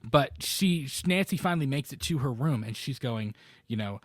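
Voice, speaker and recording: A man co-hosting a casual chat about a horror film, animated and talkative, often acting out quoted lines in sudden high or low voices. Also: moderate pace, no room sound. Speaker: podcast co-host.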